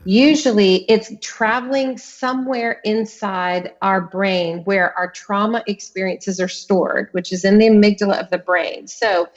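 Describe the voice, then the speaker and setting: A woman's voice: medium pitch, measured pace, hardly any pauses, muffled recording. Earnest woman telling vivid stories. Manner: earnest, vivid storytelling with emphatic repetitions. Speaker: author and podcast guest. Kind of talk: conversational interview.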